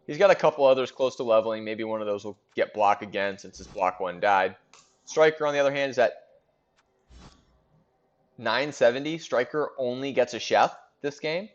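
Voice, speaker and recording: A man's voice: mid-range voice, normal speed, highs cut off. A man hosting a casual recap of a league in a fantasy sports board game, chatting and thinking aloud with fillers.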